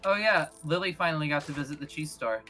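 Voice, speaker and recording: A man's voice: a little high, fast talker, pushed and bright, faint music behind. A man streaming a game with a friend, making wry jokes in casual chat. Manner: joking, wry asides.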